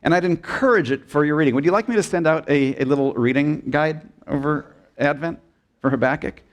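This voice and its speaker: A male pastor delivering a sermon in a church, asking the congregation questions and drawing them into call-and-response, sometimes dropping low and soft for emphasis. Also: a little fast. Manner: expressive preaching, dips low and soft for emphasis. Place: church sanctuary.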